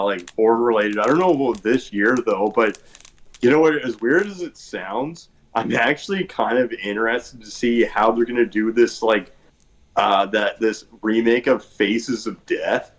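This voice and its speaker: A man's voice: medium pitch, low-quality recording. Rambling man in casual podcast chat. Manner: rambling, meandering explanations with fillers. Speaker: podcast panelist.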